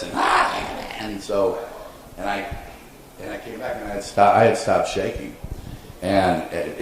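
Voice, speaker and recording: Deep-voiced man telling a story in a hall. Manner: animated anecdote with laughs and acted-out quotes. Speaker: convention panelist. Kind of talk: storytelling on a panel. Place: convention panel room. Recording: echoey convention hall, faint noise.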